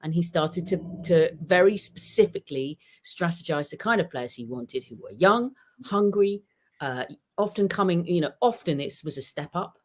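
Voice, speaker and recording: A woman football journalist, a guest on a podcast interview, talking in a thoughtful, animated way with frequent restarts. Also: lowish voice, moderate pace. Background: dog nearby at home.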